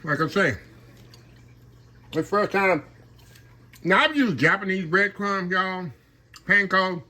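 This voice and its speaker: A man's voice: high-pitched, slow pace, sharp tone, rough recording. A man who hosts a home cooking channel, chatting with his viewers in a folksy way while he fries shrimp. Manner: folksy and chatty, often calls viewers "y'all", laughs at his own jokes. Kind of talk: casual cooking demonstration. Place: home kitchen with shrimp frying. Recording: clear frying and kitchen noise. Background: oil sizzling and frying sounds.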